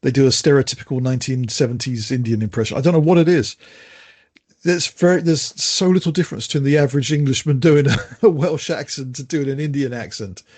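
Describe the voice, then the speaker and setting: A man's voice: mid-range voice, quick pace, darkish tone, husky. An older man co-hosting a podcast, chatting casually and jokingly, with lots of restarts and laughs. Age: older adult. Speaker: podcast co-host.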